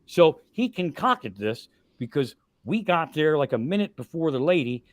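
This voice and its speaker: A man in his sixties telling profane, animated comedy stories on a live podcast, with loud punchlines. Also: fairly high pitch, normal speed, no room sound. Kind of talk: casual storytelling on a live podcast.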